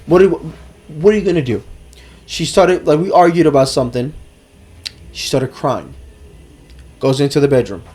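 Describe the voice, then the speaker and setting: A man telling a story in casual podcast chat, animated, swearing a lot and leaning on "like". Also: fairly high pitch, normal speed, long pauses. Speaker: podcast co-host.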